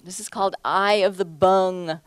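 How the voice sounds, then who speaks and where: A woman's voice: medium pitch, fairly even intonation, measured pace, clear, resonant tone, dry recording. A woman artist giving a casual talk about her paintings, chatty and laughing often, with plenty of restarts and "you know"s. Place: museum lecture hall.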